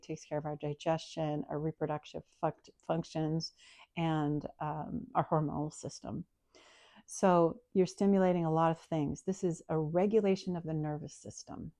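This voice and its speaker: A woman yoga teacher guiding a breathing practice in a calm, soft-spoken, explanatory way. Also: low voice, no room sound. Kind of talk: guided breathing and yoga instruction.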